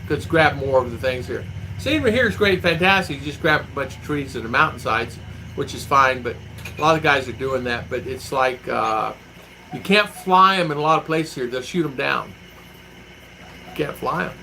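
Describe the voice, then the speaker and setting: Chatty, bright-voiced man vlogging live. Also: mid-range voice, expressive, normal speed, gravelly, a little hiss or hum, low-quality recording. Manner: rambling storyteller who acts out quotes. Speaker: vlogger living abroad, reading live chat. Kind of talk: casual livestream chat.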